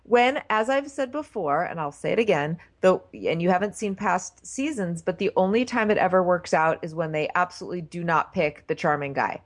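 A woman's voice: fairly low pitch, moderate pace, hardly any pauses. A woman co-hosting a podcast, chatting casually and giving her opinions. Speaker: podcast co-host. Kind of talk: casual chat.

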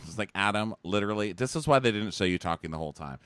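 A man in casual podcast chat, his voice leaping around with a lively, animated swing. The tone is bright and forceful, recorded close and dry with almost no room sound. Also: on the low side, fast talker, clear, resonant tone, no echo. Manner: animated, acts out quotes in jumpy silly voices, laughs often. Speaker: podcast co-host. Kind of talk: casual chat recapping a show.

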